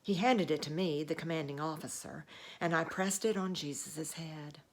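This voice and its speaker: A woman telling the tale of a sober Roman centurion. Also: sits low. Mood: solemn. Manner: earnest, measured storytelling. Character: Roman centurion, a grown man, sober commanding officer. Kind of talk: first-person dramatic monologue.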